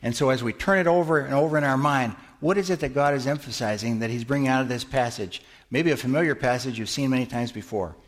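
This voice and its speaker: In this interactive church sermon, the middle-aged pastor talks quickly in a mid-range voice, barely pausing. He keeps asking his congregation questions and supplying the answers.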